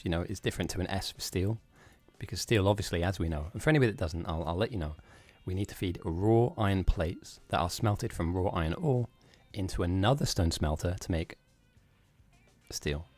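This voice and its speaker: A man with a fairly low voice talks through a strategy game, explaining plans and chatting loosely. He often laughs with his co-host. His voice sits dry and close to the mic. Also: darkish tone, dry recording. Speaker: game commentator. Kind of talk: casual game commentary.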